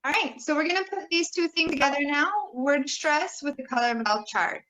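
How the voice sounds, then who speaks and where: A woman teaching pronunciation, modelling vowel sounds and words with slow, exaggerated care. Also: high voice, bright, forceful tone, low-quality recording. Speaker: pronunciation instructor. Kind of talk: recorded teaching video.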